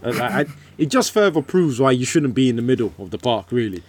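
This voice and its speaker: A man's voice: medium pitch, big pitch swings, quick pace, husky. A man co-hosting a football podcast, giving firm, explanatory opinions in casual banter. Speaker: podcast co-host.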